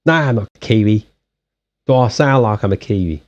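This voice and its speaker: A man's voice: fairly low pitch, lively intonation. Chatty African man on a dull stream. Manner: chatty, halting restarts, answers viewer chat. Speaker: live-stream host and card reader. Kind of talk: casual live-stream chat. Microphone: streaming setup.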